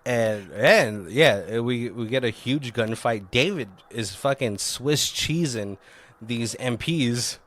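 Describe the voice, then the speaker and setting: A man's voice: mid-range voice, expressive, slow pace, fairly bright tone. A man on a podcast casually recapping a film's plot, rambling with lots of "like" and frequent swearing. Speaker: podcast co-host. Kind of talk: casual movie recap chat.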